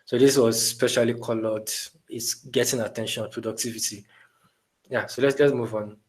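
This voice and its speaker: A man's voice: medium pitch, normal speed, poor audio. Man teaching a live online design class. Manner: relaxed, many fillers and restarts, asks the audience questions. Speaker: design instructor.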